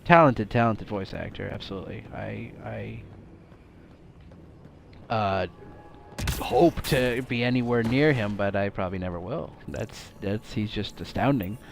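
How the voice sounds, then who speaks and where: A man's voice: fairly low pitch, measured pace, gravelly, slight background noise. A young man streaming a video game, chatting casually and rambling with lots of fillers and silly outbursts. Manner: rambling, jokey, frequent "like" and "um", bursts into silly exclamations. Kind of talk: casual live gameplay commentary.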